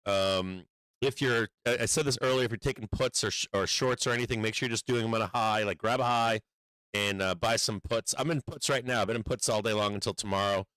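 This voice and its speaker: A man's voice: on the low side, a little fast, fairly bright tone, clear, resonant tone, no echo, low-quality recording. A man giving casual livestream market commentary, blunt and profane, rambling with many fillers and urgent warnings. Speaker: stock market streamer.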